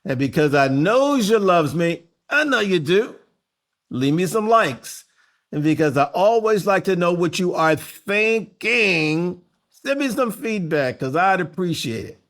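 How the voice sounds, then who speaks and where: A man hosts his podcast with a flamboyant, theatrical delivery. His pitch swings widely and sits a little high, and he draws his words out slowly with playful emphasis. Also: sing-song, fairly bright tone. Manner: theatrical, playful, booming call-outs. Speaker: podcast host. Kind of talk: flamboyant podcast intro and interview.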